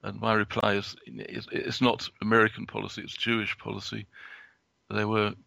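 A man giving a prepared talk from notes as a guest, halting, with many restarts and fillers. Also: lowish voice, monotone, creaky, bright, forceful tone, dry recording. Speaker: guest speaker.

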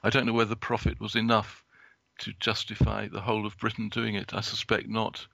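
Halting man with a gravelly voice. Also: fairly low pitch, completely flat delivery, sharp tone, dry recording. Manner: halting, with many restarts and fillers. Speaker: guest speaker. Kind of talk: prepared talk from notes.

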